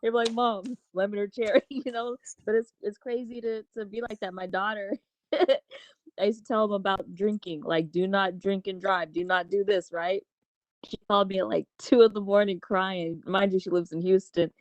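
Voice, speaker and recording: Laughing, animated woman telling stories. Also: mid-range voice, normal speed, no room sound. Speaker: open mic participant. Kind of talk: casual storytelling in a group discussion.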